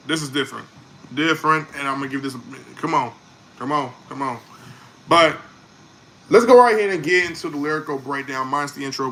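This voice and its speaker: Reaction host, male, raised bright voice, animated, restarts a lot. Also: on the high side, a little hiss or hum. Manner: animated, repeats himself, trails off with fillers. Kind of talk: casual reaction commentary.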